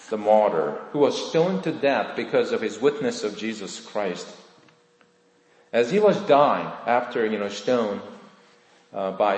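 A man preaching a sermon, earnest and questioning his listeners directly. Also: medium pitch. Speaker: pastor. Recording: echoey hall with long reverb.

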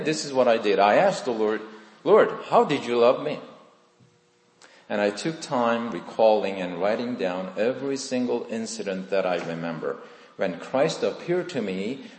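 Lively-voiced male pastor in echoey hall. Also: lowish voice, normal speed. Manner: swings between loud emphatic lines and soft hushed ones. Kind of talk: sermon. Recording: echoey hall with long reverb.

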